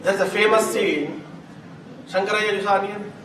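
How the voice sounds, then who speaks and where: High-voiced man teaching from afar. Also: moderate pace. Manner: animated, acts out examples, laughs often. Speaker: Vedic chanting teacher. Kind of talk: live class lecture. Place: classroom hall. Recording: roomy, distant mic, noisy.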